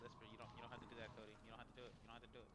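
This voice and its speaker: A man's voice: mid-range voice, monotone, very fast, very noisy. A young man playing a game with a friend, joking, swearing and laughing a lot. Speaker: co-player. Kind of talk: casual gaming chat.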